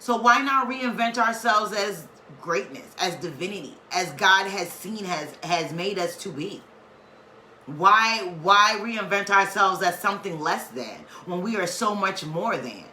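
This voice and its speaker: A woman's voice: medium pitch, expressive, measured pace, pushed and bright. A woman giving a casual weekly spiritual reading, talking in an emphatic, preachy, slangy and playful way. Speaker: spiritual tarot reader. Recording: echoey room, faint background noise.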